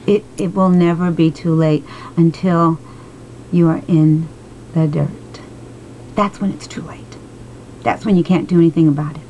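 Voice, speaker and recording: A woman in her late forties talking slowly and emotionally in a personal vlog, encouraging her viewers. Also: low voice, steady tone, dark tone, muffled recording, slight background noise. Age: 40s. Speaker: vlogger. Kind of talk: heartfelt personal vlog talk.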